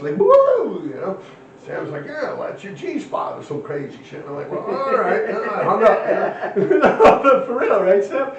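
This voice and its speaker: A man in his fifties tells rambling, profane stories in a rough, streetwise way. His voice sits fairly high and has a gravelly edge. He sounds far off in a roomy space on a dull, lo-fi recording. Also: a little mellow, slight background noise. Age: 50s. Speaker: interview guest. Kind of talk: casual storytelling.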